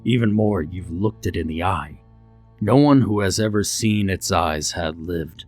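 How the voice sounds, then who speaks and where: A man doing a gruff, grumpy ranger boss. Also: low-pitched, a little slow, darkish tone, soft background music.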